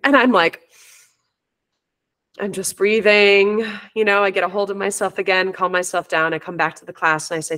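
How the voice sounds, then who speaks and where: A woman talking in an open, reflective way, the way a teacher and parent coach tells a story from her classroom. Her voice sits at a middle pitch, and she often restarts a sentence as she thinks it through. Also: steady tone, moderate pace, a bit bright. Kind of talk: casual conversational interview.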